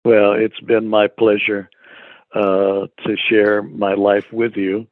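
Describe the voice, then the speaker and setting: Old guy in his 80s on a tinny call, kinda low voice, slow and halting, lots of uhs. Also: little pitch movement, dry recording. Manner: slow, halting, repeats words with many fillers. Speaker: interview guest, animator. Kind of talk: casual interview. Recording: phone-like remote call audio.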